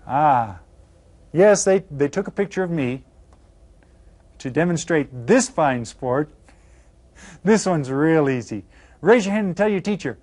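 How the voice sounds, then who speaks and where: A man teaching a recorded Spanish lesson to children, upbeat, prompting students with counts and saying the Spanish words slowly and carefully. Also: a little high, expressive, darkish tone.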